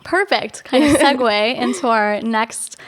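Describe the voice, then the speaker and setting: A young woman co-hosting a faith podcast, reading scripture aloud and talking through it with a friend, animated when acting out feelings. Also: fairly high pitch, measured pace.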